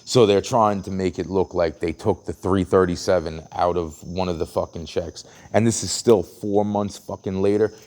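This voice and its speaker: With a low, steady, darkish voice at a moderate pace and few pauses, a vlogger tells a long story in a ranting monologue. He swears a lot, keeps restarting sentences, and acts out quotes, all outdoors at a train station at night.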